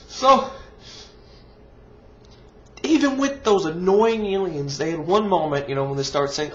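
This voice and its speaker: A man's voice: high-pitched, unhurried, pauses often. A man reviewing a movie in an exasperated, profane rant full of sarcasm. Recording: dull lo-fi recording.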